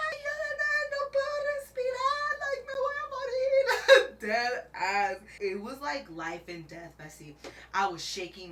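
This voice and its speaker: A woman's voice: medium pitch, sharp tone, reverberant, distant mic. A woman vlogger telling a dramatic story in a casual chat, laughing often and calling the viewer bestie while she paints her nails.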